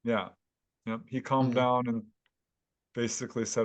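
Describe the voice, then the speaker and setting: A man, a guest author, telling a story at length in a casual interview, animated and laughing now and then. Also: medium pitch, moderate pace. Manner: animated retelling with chuckles. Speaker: guest author and UFO investigator.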